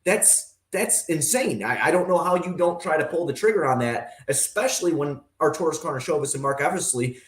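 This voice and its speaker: A man's voice: fairly high pitch, fast, hardly any pauses, a bit bright. A man speaking as a guest on a sports talk show, passionate and rambling in his opinions. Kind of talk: casual sports radio talk. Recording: roomy echo.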